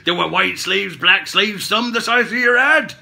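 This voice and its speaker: A man's voice: high voice, normal speed, vocal fry, sharp tone. A man with a mixed Cockney and Somerset accent, telling a rambling comic story in character as a puppet-show host, correcting himself and swearing. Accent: mix of Cockney and Somerset. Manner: rambling, self-correcting, swearing, laughing at own jokes.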